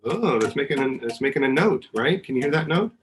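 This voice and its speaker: A man's voice: mid-range voice, animated, brisk, a little hiss or hum, poor audio. A man, a university professor, patiently walking children through a hands-on science demonstration at home, singing notes and making vocal sounds to show how they work. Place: family home.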